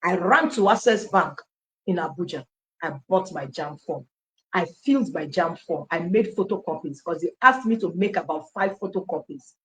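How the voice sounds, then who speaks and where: A Nigerian woman telling her personal story in an animated testimony style, acting out dialogue and slipping into Pidgin phrases. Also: fairly low pitch, moderate pace, low-quality recording.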